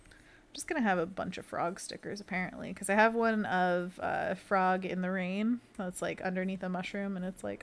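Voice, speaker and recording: With a fairly low, steady voice at normal speed, this illustrator chats through her livestreamed sketching. She reads messages from chat out loud and adds small sound effects while drawing.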